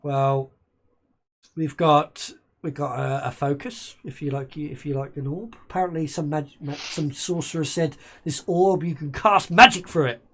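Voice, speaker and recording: A man's voice: on the high side, steady tone, unhurried, fairly bright tone. A man who runs a tabletop game as game master, narrating and voicing a merchant with hesitant, improvised phrasing. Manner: hesitant, many ums and restarts while improvising.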